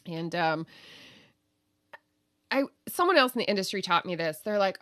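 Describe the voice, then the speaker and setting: Animated storytelling woman comedian. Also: on the low side, normal speed, long pauses, no room sound, clean studio sound. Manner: animated, acts out quoted voices, laughs often. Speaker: comedian guest. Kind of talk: storytelling interview.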